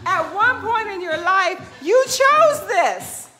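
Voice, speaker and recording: A woman fitness coach giving an energetic motivational pep talk to her live viewers, preachy and repeating "right?" again and again, with music playing behind her. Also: very high-pitched, slow.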